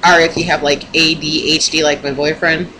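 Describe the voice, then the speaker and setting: A woman's voice: sits low, level tone, normal speed. Young woman ranting with heavy swearing. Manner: profane, rambling, emphatic. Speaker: vlogger. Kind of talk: casual pep-talk rant to camera. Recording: noisy home recording.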